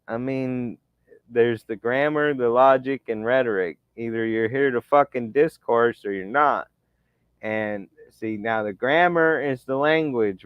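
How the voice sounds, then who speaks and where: A man rants in a slow, unhurried drawl, swearing and sneering as he comments on screenshots. His voice is smooth and resonant. The recording is dry and a bit dull, with a lo-fi edge. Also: mid-range voice, no room sound. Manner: profane, scornful ranting. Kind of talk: ranting commentary over screenshots.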